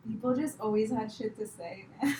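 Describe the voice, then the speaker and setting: A woman's voice: fairly high pitch, moderate pace, mellow, a little hiss or hum. Chatty woman with an American accent. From India. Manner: chatty, laughs often, fillers like "like". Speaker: podcast guest, comedian. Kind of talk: casual chat. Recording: echoey room.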